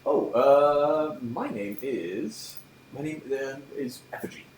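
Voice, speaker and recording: A man's voice: mid-range voice, takes it slowly, a little mellow, a little hiss or hum, pitched above the performer's own voice, close to an everyday voice. A man voicing a lanky young male student who talks casually and confidingly, in an echoey room.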